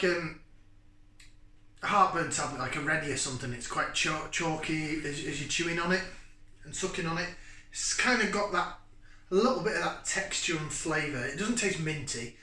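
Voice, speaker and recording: Casual host thinking aloud with fillers; sharp, forceful tone, recorded off-mic. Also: male voice, on the high side. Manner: rambling and chatty, thinking aloud with many fillers. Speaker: beer reviewer and channel host. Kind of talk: casual beer review to camera. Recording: echoey room, mic at a distance.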